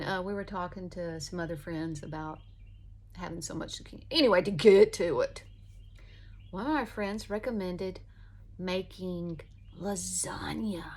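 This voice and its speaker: Chatty woman in her fifties. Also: fairly low pitch. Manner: folksy, chatty, digressive. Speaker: vlogger. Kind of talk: casual rambling chat while doing makeup.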